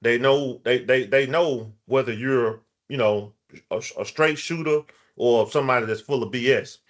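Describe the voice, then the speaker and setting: A man's voice: mid-range voice, moderate pace, dull audio. A man hosting a casual podcast interview, who speaks emphatically and stumbles over restarts. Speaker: podcast host.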